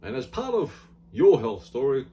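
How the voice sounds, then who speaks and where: A man's voice: medium pitch, very animated, moderate pace, warm tone. A middle-aged man with an Australian accent, talking in a rambling, blunt and wry casual monologue full of fillers. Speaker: health vlogger.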